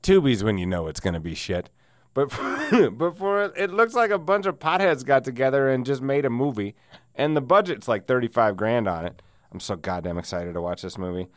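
A man's voice: medium pitch, very animated, moderate pace, no room sound, clean studio sound. A man hosting a casual solo podcast, rambling and sardonic with frequent laughs, wheezing through a sinus cold. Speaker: podcast host.

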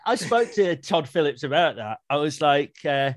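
A man hosting a casual film chat, chatty and quick to laugh. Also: on the high side, big pitch swings, no echo, studio quality. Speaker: podcast host, film journalist.

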